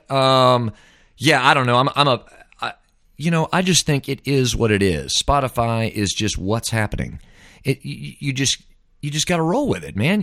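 In a casual solo podcast segment, a man rambles in a folksy way and keeps throwing in the word "man." He has a mid-range, fairly bright voice, captured with clean studio sound and no room sound.

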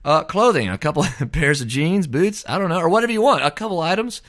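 A man's voice: on the high side, expressive, quick pace, a bit bright, no echo, clean studio sound. A man hosting a podcast, rambling in a folksy, casual way, often tossing in "man". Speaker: podcast host. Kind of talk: casual monologue.

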